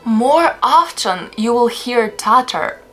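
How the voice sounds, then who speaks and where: A woman's voice: a little high, expressive, takes it slowly, music in the background. A young woman from Russia with a Russian accent, narrating a travel vlog in a chatty, lightly humorous, explanatory way. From Russia (Perm). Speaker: travel vlogger.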